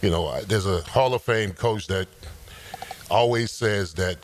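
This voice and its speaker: A low-voiced man with a hearty manner leads the chat and tells old stories, tossing in "man" again and again. He is a former player turned radio co-host, with faint noise under his voice. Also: a little slow. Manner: hearty, storytelling, says "man" often. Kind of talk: radio interview.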